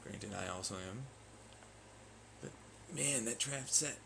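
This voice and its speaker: A man's voice: mid-range voice, takes it slowly, creaky, background noise. A man vlogging in a profane, sarcastic and taunting rant. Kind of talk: ranting monologue.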